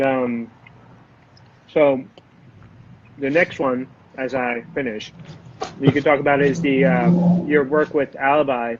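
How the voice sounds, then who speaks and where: A man's voice: medium pitch, slight background noise. A man hosting a live chocolate tasting on a video call, greeting viewers and reading out their comments. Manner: reads out viewers' comments, friendly and encouraging. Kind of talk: casual live-stream chat. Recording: dull lo-fi live-stream audio.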